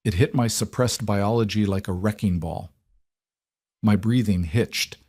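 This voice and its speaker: A man narrating a first-person romance story in a steady, measured reading. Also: on the low side.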